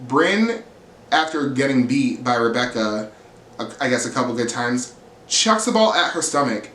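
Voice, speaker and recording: A man recaps a reality TV episode at a moderate pace, his medium-pitched, slightly bright voice swinging widely in pitch. Sassy, blunt and profane, he acts out quotes and curses freely, with a roomy echo and faint hiss around him.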